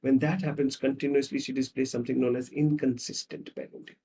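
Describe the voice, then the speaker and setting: Psychologist guy, warm mellow tone, animated storytelling with lots of listing. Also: mid-range voice, fast, far from the mic. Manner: animated storytelling with repetitive lists. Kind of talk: explaining with acted examples.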